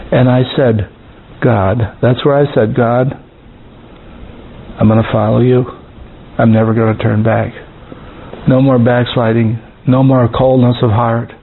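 A man preaching an informal sermon in a conversational way, repeating words and reading scripture verses slowly. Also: mid-range voice. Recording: tinny phone-like sound with faint hiss.

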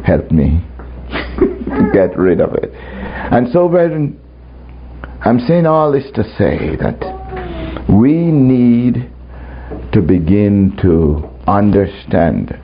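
Animated preacher man, dull lo-fi recording. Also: fairly low pitch, extremely slow, long pauses, noisy background. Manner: laughs often, acts out quoted voices. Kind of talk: storytelling sermon. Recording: dull lo-fi recording, faint background.

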